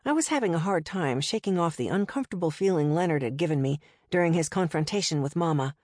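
A woman reads a first-person audiobook in a measured, even way. Her voice sits somewhat low for a woman. The recording is dry and close, with no room sound. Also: no room sound. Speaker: audiobook narrator.

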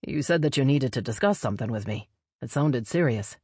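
A woman's voice: extremely low pitch, expressive, a little fast, darkish tone, breathy edge, no echo, clean studio sound, full character voice. A woman voicing a blunt, mocking young male elf prince who trades insults.

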